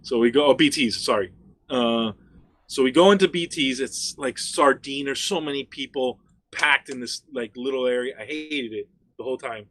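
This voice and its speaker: A man from Miami, a guest on a casual chat, telling a story in an animated, profane way full of "like" fillers. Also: mid-range voice, normal speed, slight background noise.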